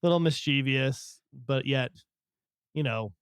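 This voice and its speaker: A man's voice: mid-range voice, slow pace, clear, resonant tone, dry recording, clean studio sound. A man co-hosting a casual podcast, rambling with many fillers and restarts as he thinks aloud. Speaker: podcast co-host. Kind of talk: casual chat.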